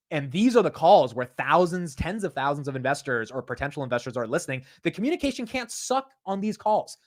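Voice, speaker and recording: A young man giving casual, blunt market commentary in an animated way, with frequent fillers and restarts. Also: medium pitch. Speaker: investing commentator.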